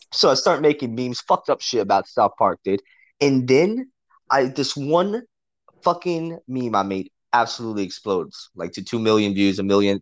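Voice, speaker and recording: A man's voice: fairly low pitch, no room sound. A man telling a crude story to a friend in casual chat, swearing constantly and laughing often. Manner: profane, animated, laughs often. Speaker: podcast co-host telling a story.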